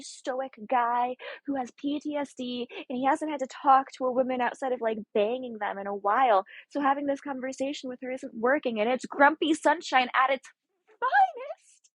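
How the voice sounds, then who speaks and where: Husky-voiced young woman chatting casually. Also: high voice, normal speed, few pauses, dry recording. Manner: chatty, rambling, heavy with fillers and asides. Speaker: video essayist. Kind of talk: casual chat.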